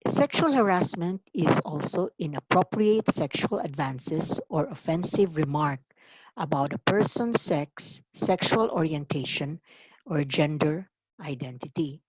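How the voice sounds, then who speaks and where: A woman giving a formal orientation lecture, deliberate and emphatic, stressing key words. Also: sits low, animated, darkish tone, breathy edge, no echo, rough recording. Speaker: university anti-harassment office coordinator.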